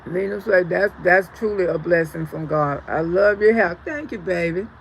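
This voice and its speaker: A woman's voice: on the low side, normal speed, gravelly, slight background noise, poor audio. A woman hosting a casual livestream outdoors, reading viewer comments aloud and calling people sugar and baby, laughing often. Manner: warm endearments, laughs often, animated. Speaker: livestream host. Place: outdoors under a tree.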